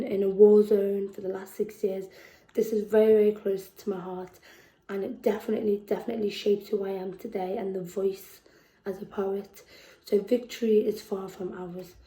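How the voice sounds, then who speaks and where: A woman with a Scouse accent performing spoken word poetry, slow and deliberate, with emphatic repetitions. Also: medium pitch, mellow, echoey room, rough recording. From England. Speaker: poet. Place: festival venue indoors.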